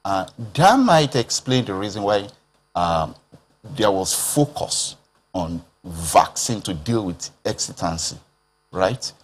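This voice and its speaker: A Nigerian man with a low voice explains his points on a television panel. He talks in a measured, explanatory way. He pauses on "um" and "uh" as he builds each thought. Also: animated, slightly rough. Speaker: public health expert guest. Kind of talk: TV panel discussion.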